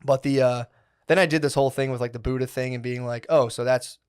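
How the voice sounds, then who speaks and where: A man's voice: medium pitch, fairly even intonation, fast talker, darkish tone, clean tone. A man in his thirties co-hosting a podcast, telling a long rambling story in casual chat, full of "dude" and "like". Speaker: podcast co-host.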